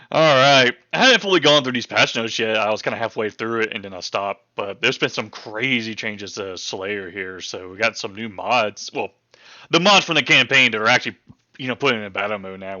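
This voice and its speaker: A man's voice: lowish voice, sharp tone, dry recording, muffled recording. A man casually going over game patch notes for his channel, rambling and chatty with many ums, hiccuping now and then. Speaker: gaming channel host.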